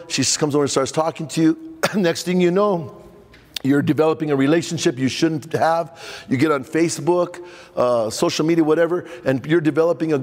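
A man, a pastor leading a men's conference workshop, telling a personal story with lively acted-out dialogue. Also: on the high side. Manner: animated storytelling, acting out dialogue. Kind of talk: conference talk with personal stories. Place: large hall before a men's conference crowd. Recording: long hall reverb.

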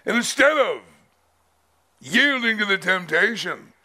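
A male pastor preaching a sermon at a men's conference, dramatic and emphatic, with drawn-out pauses. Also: high-pitched, very animated, bright, forceful tone.

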